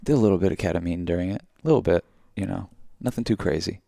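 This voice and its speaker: Gravelly low-voiced man telling stories. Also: fast, no room sound, clean studio sound. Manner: rambling, animated, acts out quotes. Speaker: podcast co-host. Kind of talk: casual storytelling chat.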